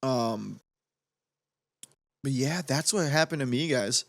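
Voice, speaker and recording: A man's voice: mid-range voice, animated, takes it slowly, creaky, a bit bright, no room sound, clean studio sound. A young man hosting a podcast in casual, joking chat full of fillers. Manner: rambling, joking, lots of fillers. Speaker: podcast host.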